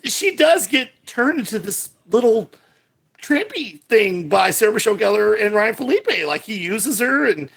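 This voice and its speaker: Animated gravelly male podcast co-host. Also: normal speed. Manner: animated, jumps between high excited bursts and low asides. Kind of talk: casual movie podcast chat.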